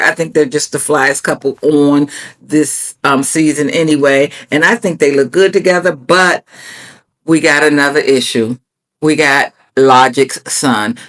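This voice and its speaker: A woman reviewing a reality TV show in casual commentary, sassy and blunt, swearing freely and jumping up in pitch when she gets outraged. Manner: animated, jumps high in pitch when outraged.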